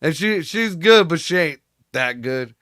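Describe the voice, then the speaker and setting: Bright-voiced, blunt man talking fatherhood. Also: on the high side, animated, a little slow, dry recording, studio quality. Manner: blunt, profane, laughs often. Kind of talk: casual chat.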